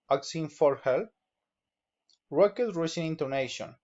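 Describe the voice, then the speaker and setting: A man's voice: on the high side, sing-song, darkish tone. A young adult man, a student whose first language is Spanish, reading a phonetics exercise aloud, word by word and sentence by sentence. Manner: slow, deliberate reading of word lists and sample sentences. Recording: dull lo-fi recording.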